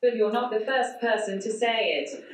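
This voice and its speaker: A woman giving a conference talk through a speech synthesizer, so her voice is a flat, synthetic computer voice with no intonation. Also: fairly high pitch, normal speed, slight background noise. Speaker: conference speaker. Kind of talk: prepared talk read out by text-to-speech. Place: large conference hall. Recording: echoey hall, voice from far off.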